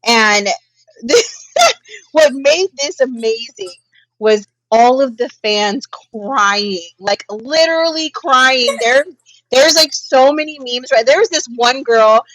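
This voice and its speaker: A fairly high-pitched woman co-hosts a casual pop culture podcast. She tells the story in an animated way, swearing freely. Her voice sounds close and dry. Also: takes it slowly, no room sound, low-quality recording. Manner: animated, profane storytelling with frequent laughs. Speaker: podcast co-host.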